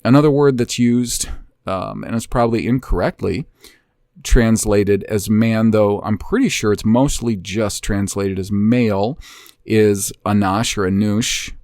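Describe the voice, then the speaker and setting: Low-voiced guy slowly explaining stuff, earnest, dead dry sound. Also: a little mellow, no echo. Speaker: host of a Bible language channel. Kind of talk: explanatory talk walking through a document.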